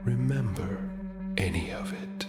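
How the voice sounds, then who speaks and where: A man's voice: expressive, unhurried, echoey room, over loud music. A man playing a cold, curt surgeon. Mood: hushed. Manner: curt, low, detached. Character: cold, blank-faced male surgeon. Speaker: doctor.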